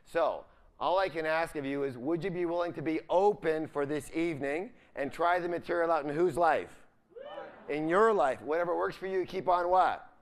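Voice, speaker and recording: At normal speed and in a slightly high voice, a man runs a live seminar full of upbeat energy. He constantly poses questions to the crowd and lets them fill in the ends of his sentences.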